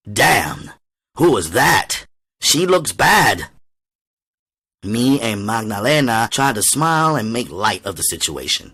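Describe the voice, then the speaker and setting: A man reading a novel aloud as an audiobook reader, with steady, measured storytelling. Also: on the low side.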